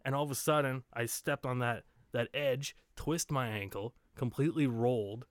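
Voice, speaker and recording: A man co-hosting a podcast, telling a story in relaxed casual chat and laughing often. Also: medium pitch, moderate pace, no room sound, studio quality. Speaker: podcast co-host. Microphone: home studio mic.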